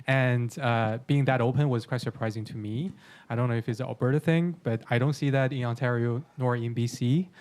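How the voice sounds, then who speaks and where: Man, panelist, measured, explanatory, mid pitch, conference room. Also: darkish tone. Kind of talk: casual panel discussion.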